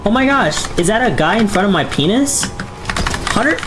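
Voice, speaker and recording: Excitable young male game streamer. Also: moderate pace, music in the background. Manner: excitable, jumps to high yelps, casual slang. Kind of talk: casual live-stream chat while gaming. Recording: loud keyboard clicks behind. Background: keyboard typing.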